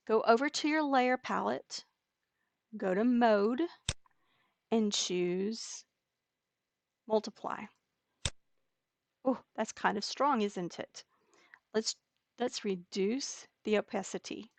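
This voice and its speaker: A woman teaching a digital scrapbooking layout step by step, talking slowly and patiently with occasional fillers. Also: mid-range voice, gravelly, no room sound. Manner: slow, step-by-step explaining with fillers. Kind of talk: screen-recorded software tutorial.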